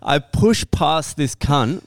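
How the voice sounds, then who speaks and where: A man's voice: on the high side, expressive, slow pace, dry recording, studio quality. A young man on a podcast telling a story in casual talk, swearing constantly and laughing now and then.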